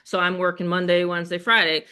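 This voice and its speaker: An older woman with a Western New York accent hosts a live online sales webinar. Her bright, forceful voice stays chatty and upbeat, and she keeps turning to the audience with questions. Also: on the low side, level tone, fast talker, clean tone. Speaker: webinar host.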